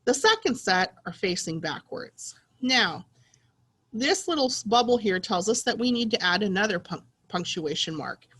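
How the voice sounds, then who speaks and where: A woman teacher with a husky voice, reading slowly and in a sing-song way with young children. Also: mid-range voice, big pitch swings, a bit bright. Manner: slow, sing-song, encouraging teacher talk.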